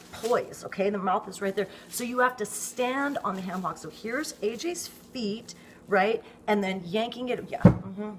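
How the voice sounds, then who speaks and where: A middle-aged woman from the United States telling an exasperated, animated story in a casual vlog, swearing freely and often tagging her lines with "okay?". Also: mid-range voice, noisy background. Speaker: vlogger, dog owner.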